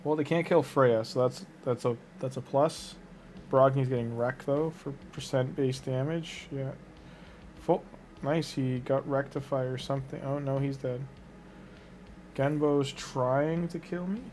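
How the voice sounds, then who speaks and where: A man's voice: medium pitch, steady tone, unhurried, a little mellow, slight background noise. A man giving casual gameplay commentary, muttering and thinking aloud as he reacts to a game. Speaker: gaming streamer.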